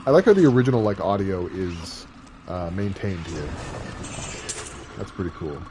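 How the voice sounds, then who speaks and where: A man's voice: low voice, expressive, moderate pace. A man streaming a game, chatting casually in a rambling, joking way with many fillers. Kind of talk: casual gameplay chat. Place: home streaming setup. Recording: game audio noise underneath.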